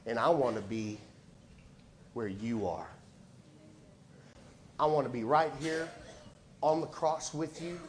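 A man voicing a condemned male criminal who quietly pleads to be remembered. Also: mid-range voice, slow, long pauses, a little hiss or hum, voice pushed down, natural voice. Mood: pleading.

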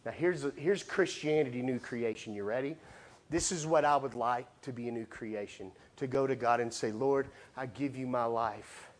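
A man preaching a sermon with animated storytelling, acting out the voices in the story. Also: mid-range voice, normal speed.

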